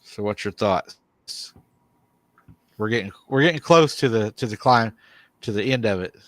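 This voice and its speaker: A man's voice: on the low side, lively intonation, normal speed, no echo. A man hosting a live show, retelling a viewer's encounter and quoting him at length. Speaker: host.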